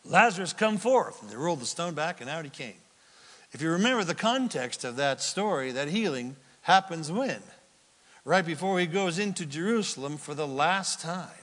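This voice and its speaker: High-voiced preacher man in a reverberant hall. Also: animated, normal speed. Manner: dramatic, rises to loud quoted cries then drops to near-whispers; teacherly, asks the listeners questions and answers them. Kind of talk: sermon. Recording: long reverb of a large hall.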